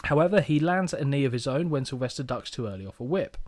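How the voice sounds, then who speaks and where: A man's voice: mid-range voice, animated, fast talker, darkish tone. A young man co-hosting a podcast, reading a match recap with playful asides. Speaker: podcast co-host.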